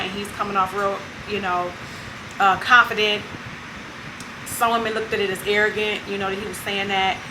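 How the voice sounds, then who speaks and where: A woman hosting her own vlog, telling a story in a casual, animated way and acting out what other people said. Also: mid-range voice, moderate pace, background noise. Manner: animated retelling that acts out other people's lines. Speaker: vlog host.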